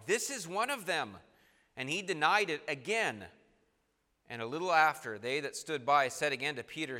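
A man preaching a sermon, reading scripture aloud and swinging between loud emphasis and quiet, soft passages. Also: on the high side, long reverb tail.

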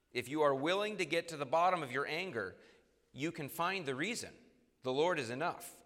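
Man preaching, bright forceful voice, earnest, echoing church hall. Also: fairly high pitch. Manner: earnest, acts out quoted voices with sudden loud jumps. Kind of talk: sermon. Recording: long reverb in a large hall.

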